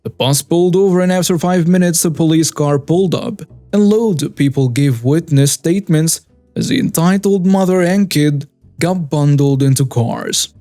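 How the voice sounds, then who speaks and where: Dark-voiced male story narrator. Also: fairly high pitch, moderate pace, dry recording, soft background music. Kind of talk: scripted narration.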